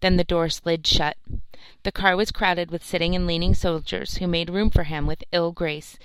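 A woman narrating a storybook in a calm, even way. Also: fairly low pitch, normal speed, smooth, poor audio. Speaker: audiobook narrator. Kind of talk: scripted narration.

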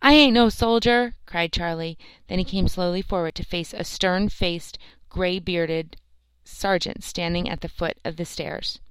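A woman narrating a novel aloud, reading every part herself in a steady storytelling manner, close to the mic. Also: lowish voice, a little slow, few pauses, clean tone, no room sound, low-quality recording. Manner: steady storytelling, lightly acts the characters' lines. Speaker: audiobook narrator.

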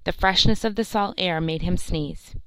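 A woman narrating a novel aloud, reading every part herself in a steady storytelling manner, close to the mic. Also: fairly low pitch, normal speed, clear, resonant tone, no room sound, rough recording. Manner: steady storytelling, lightly acts the characters' lines. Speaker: audiobook narrator.

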